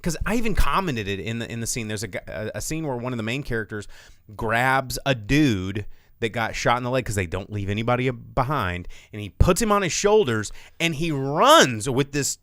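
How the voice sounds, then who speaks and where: A man's voice: a little fast, no echo, studio quality. A man co-hosting a casual live talk show, telling stories with lots of energy and acting out what people said. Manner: animated storytelling, acts out quotes with big pitch jumps. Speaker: podcast co-host. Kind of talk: casual chat.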